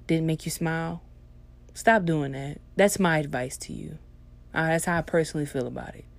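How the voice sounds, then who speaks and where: Low-voiced woman host, blunt and profane, ranting in a casual monologue. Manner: blunt, heavily profane, swings into loud animated ranting.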